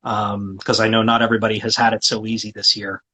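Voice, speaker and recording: A man's voice: on the low side, little pitch movement, fast talker, sharp tone, breathy edge, rough recording. A man being interviewed as a guest voice actor, chatting casually and talkatively, often restarting his sentences with fillers.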